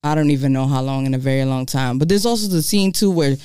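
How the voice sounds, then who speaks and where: A podcast co-host in casual chat, telling stories with animated delivery and free swearing. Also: medium pitch, fast talker, clean tone, no echo, studio quality. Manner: animated storyteller, swears freely.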